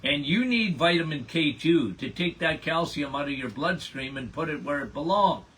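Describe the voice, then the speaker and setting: A man's voice: on the high side, lively intonation, moderate pace, a bit bright, slight background noise. An older man hosting a health podcast, reading out listener questions and answering them in a blunt, emphatic, folksy way. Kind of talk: casual health Q&A.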